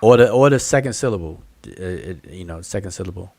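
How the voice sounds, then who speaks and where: A man's voice: low-pitched, animated, brisk, vocal fry, darkish tone. A man hosting an online study group hangout, explaining patiently and thinking aloud over a video call. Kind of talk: casual online hangout discussion.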